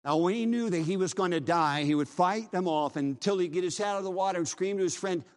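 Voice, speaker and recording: Fervent preacher man, slightly high voice. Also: fast. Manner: fervent, urgent preaching with repeated phrases. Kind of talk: revival sermon.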